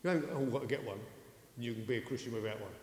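A male preacher giving an excitable sermon, dropping to quiet asides and rising to loud acted-out quotes. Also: medium pitch, rapid-fire. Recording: echoey hall with long reverb.

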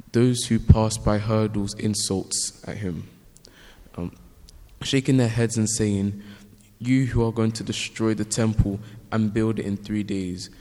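A man reading a Bible passage aloud, steady with small slips. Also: fairly low pitch. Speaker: scripture reader. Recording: long hall reverb.

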